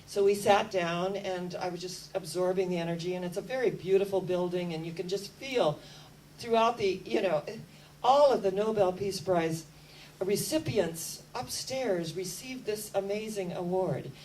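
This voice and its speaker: A woman tells a story to her listeners, lively and earnest, with a spiritual bent. Her voice sits at a middle height. It sounds a little distant from the mic, with a faint hum underneath. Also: medium pitch, normal speed. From United States. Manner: lively storyteller, talks about energy with spiritual warmth. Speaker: speaker. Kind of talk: storytelling talk to an audience.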